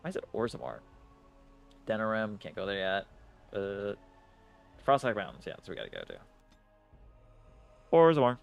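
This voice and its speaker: A man's voice: fairly low pitch, big pitch swings, normal speed, pauses often, fairly bright tone, soft background music. A man streaming a game, chatting casually with lots of swearing, self-mocking jokes and laughter. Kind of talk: casual gameplay commentary.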